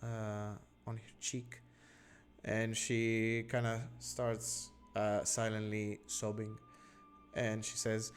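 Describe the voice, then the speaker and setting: A man running a tabletop game as game master, narrating at a slow, deliberate pace with frequent pauses and fillers. Faint fantasy music plays underneath him. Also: lowish voice, completely flat delivery. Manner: unhurried, halting with many fillers.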